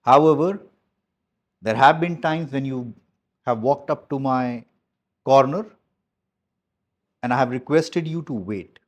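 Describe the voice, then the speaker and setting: A man's voice: mid-range voice, slow, pauses often. A man giving a motivational talk to his team as their business coach. He speaks emphatically, repeats key phrases and is blunt, with some mild swearing.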